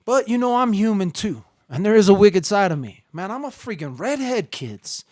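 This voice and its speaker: A man hosting a casual live stream, rambling and joking, swinging between low muttering and loud outbursts. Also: lively intonation, normal speed, no echo, studio quality. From Ireland.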